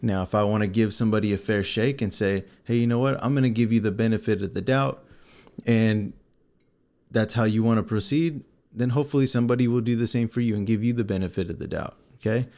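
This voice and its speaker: Middle-aged male co-host, lower voice, easygoing scripture teacher who laughs a lot. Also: quick pace, a little mellow. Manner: conversational, teaching, laughs often. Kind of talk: faith-based casual chat.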